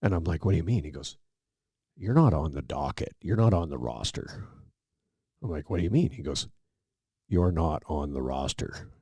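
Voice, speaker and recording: Middle-aged man with a very deep, gravelly voice, relaxed podcast guest spinning anecdotes and playing out the dialogue. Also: fairly quick, no room sound. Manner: relaxed anecdotal storyteller, acts out quoted dialogue. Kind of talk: casual storytelling interview.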